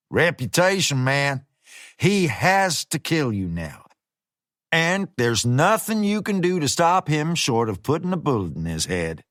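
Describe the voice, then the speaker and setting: A man's voice: on the high side, a bit bright, dry recording, clean studio sound. A man voicing a menacing hired fixer who talks in a laid-back, slangy way. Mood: warning.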